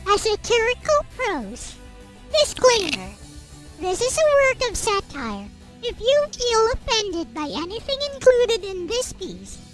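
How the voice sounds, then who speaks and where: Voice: a bit bright, exaggerated voice. A streamer voicing a smug, mocking troll while reading satirical prose aloud in a mock-solemn, sarcastic way. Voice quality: very high, squeaky put-on voice. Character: squeaky high-pitched troll, mocking and smug.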